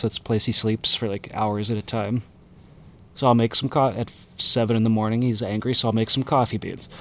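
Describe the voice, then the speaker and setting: A man co-hosting a casual podcast chat, telling wry stories in a dry, relaxed way that trails off quietly. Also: on the low side. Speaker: podcast co-host.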